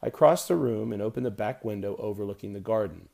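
A man narrating an audiobook in a measured, wry storytelling manner. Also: on the low side, creaky, mellow. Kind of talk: scripted narration.

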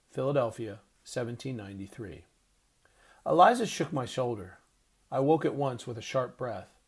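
A male narrator reading a novel aloud in a measured, expressive way. His voice sits at a middle pitch, neither deep nor high. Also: slightly rough. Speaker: audiobook narrator. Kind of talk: scripted narration.

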